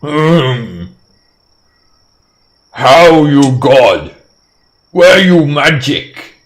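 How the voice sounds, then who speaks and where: A man's voice: a little high, big pitch swings, very slow, voice pushed up, exaggerated voice. A man voicing a dim male cyclops giant who grunts and talks in broken words. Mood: baffled. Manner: broken speech, loud grunting cries.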